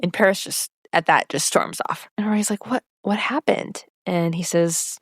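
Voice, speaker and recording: A woman's voice: fairly low pitch, moderate pace, no room sound, clean studio sound. A woman co-hosting a podcast, recapping a TV episode in casual chat and briefly acting out each character's lines.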